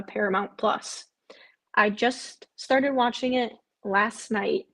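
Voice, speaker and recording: A woman's voice: fairly high pitch, fairly bright tone. A woman hosting a live stream, chatting casually and answering viewer comments, with frequent "um" fillers and repeated phrases. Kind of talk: casual live watch-along chat.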